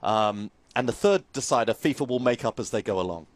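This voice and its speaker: A man co-hosting a comic football chat show, explaining things in a wry, deadpan way. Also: medium pitch, fairly quick, no room sound. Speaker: podcast co-host.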